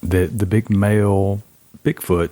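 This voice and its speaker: A man's voice: on the low side, steady tone, takes it slowly, mellow, no echo. A man hosting a podcast interview, thoughtful and slightly hesitant, repeating words as he goes. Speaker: podcast host. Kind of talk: interview chat.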